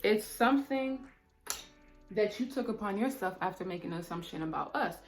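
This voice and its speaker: A woman's voice: medium pitch, moderate pace, faint music behind. Talkative young woman telling a story. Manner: animated and talkative, often saying "mind you" and "like". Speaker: beauty vlogger. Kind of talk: casual storytime chat while doing makeup.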